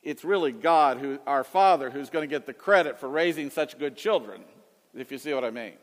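With a long reverb tail behind him, a radio Bible teacher in his late fifties answers callers in brisk, expressive speech that sits on the high side. His call-in radio talk is folksy and rambling, and he often restarts his sentences.

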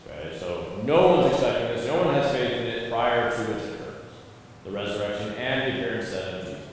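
A man's voice: medium pitch, a little hiss or hum. Man teaching Bible study in an echoey hall. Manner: conversational, emphatic, frequent "okay" and "right". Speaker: pastor leading a Bible study. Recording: echoey room, voice from a distance.

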